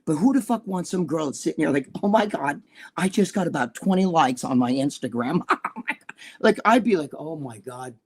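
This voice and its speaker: Older man, high-pitched voice, rambling, profane, restless restarts, casual chat. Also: expressive, brisk, slightly rough. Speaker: guest, bodybuilding columnist.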